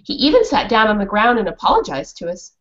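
Animated woman author on a video call. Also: medium pitch, quick pace, dull audio. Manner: animated, questioning the children. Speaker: children's author. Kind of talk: storytelling and class discussion.

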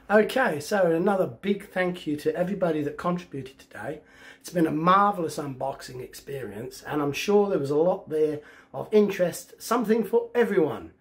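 A man, hosting his own channel and chatting warmly and casually to his viewers while he works. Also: high-pitched. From England. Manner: chatty, upbeat, talks to viewers while working. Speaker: channel host. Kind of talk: casual vlog chat.

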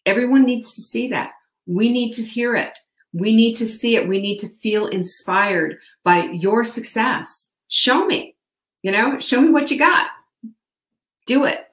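A woman's voice: a little high, measured pace, echoey room. A woman hosting a live online show, giving upbeat motivational coaching and speaking to her viewers by name. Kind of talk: motivational live-stream talk.

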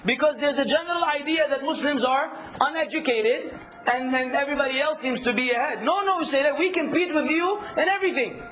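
A man teaching a workshop, lively, quizzing his audience and acting out hecklers. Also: very high-pitched, brisk, low-quality recording. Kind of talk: workshop lecture.

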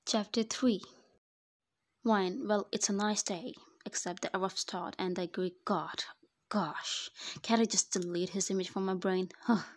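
A woman's voice: medium pitch, fairly even intonation, unhurried. A woman narrating her own fan fiction story in the first person, in a conversational voice-over. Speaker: narrator and author.

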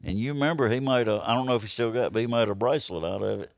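A man's voice: mid-range voice, very fast, vocal fry, dry recording. A middle-aged man from Alabama with a Southern accent, telling a hunting story in casual podcast talk and acting out the quoted lines. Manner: lively yarn-spinner who acts out quoted lines. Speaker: podcast guest.

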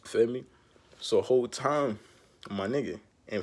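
A young man ranting casually to camera as a vlogger, profane and animated in heavy street slang, laughing as he goes. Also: medium pitch, measured pace, breathy edge. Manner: laughs often mid-rant.

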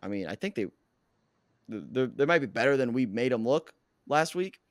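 A hoarse man who has lost his voice, co-hosting a casual podcast and bragging excitedly about his football team. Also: medium pitch, moderate pace, dry recording, clean studio sound. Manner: excitable, boastful sports fan. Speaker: podcast co-host; coach. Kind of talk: casual sports chat.

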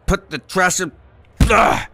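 A man doing loud, excitable, profane gameplay commentary, taunting enemies as he plays. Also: medium pitch, moderate pace, no echo. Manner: loud, excitable, swearing, trash-talking. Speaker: gaming YouTuber.

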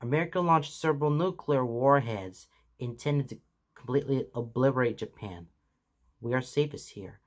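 A man voicing a weary, solemn older mentor hero in a fan fiction reading, speaking slowly and gravely. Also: medium pitch, lightly acted. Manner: grave, slow and deliberate.

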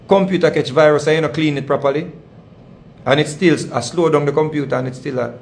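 On his channel, a man with a fairly high voice and a Jamaican accent tells a long, repetitive, rambling story in casual monologue, leaning heavily on patois phrasing. A little background noise is audible.

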